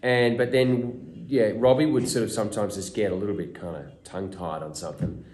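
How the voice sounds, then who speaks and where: A man with an Australian accent, an actor telling casual behind-the-scenes anecdotes to fans at a convention meet-and-greet, animated and full of restarts. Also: lowish voice, brisk. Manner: animated storyteller, acts out quotes, many restarts. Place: small room at a fan convention. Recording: echoey room.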